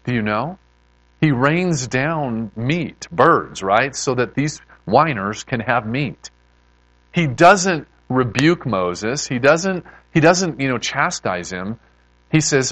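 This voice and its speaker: A man preaching in a relaxed, chatty way, often stopping to restart a sentence. His pitch swings widely as he talks. The sound is dry and close, with no room echo. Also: slow. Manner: animated, conversational preaching with many restarts. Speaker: pastor. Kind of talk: sermon.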